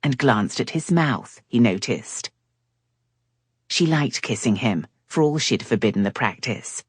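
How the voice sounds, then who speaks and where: Woman audiobook narrator, deep husky tone, animated delivery. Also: unhurried, no room sound, studio quality. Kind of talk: scripted romance narration.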